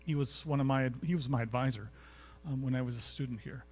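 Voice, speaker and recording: A guest speaker, male, talks quickly in a medium-pitched, somewhat dark voice. He's delivering a storytelling lecture to a live audience in a college recital hall, keeping it chatty and full of anecdotes while frequently quizzing the crowd.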